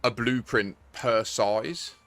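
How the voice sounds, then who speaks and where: A man's voice: mid-range voice, steady tone, slow pace, fairly bright tone, soft background music. A young man streaming a game, talking to his squadmates and swearing as he gets exasperated. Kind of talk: live gameplay chat with squadmates.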